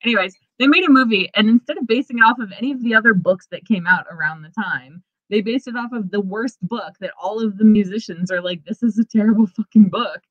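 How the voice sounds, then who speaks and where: A woman's voice: medium pitch, quick pace, few pauses, no room sound. A woman co-hosting a podcast in casual chat, who swears often and laughs easily. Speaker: podcast co-host. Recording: dull lo-fi podcast mic.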